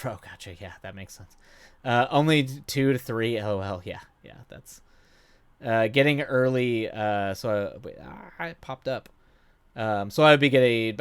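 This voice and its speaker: A man's voice: medium pitch, clean tone. Rambling man chatting on a game stream. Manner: rambling and self-deprecating, many fillers, hums idly. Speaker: livestream gamer. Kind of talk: casual chat with viewers while gaming. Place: at home at night.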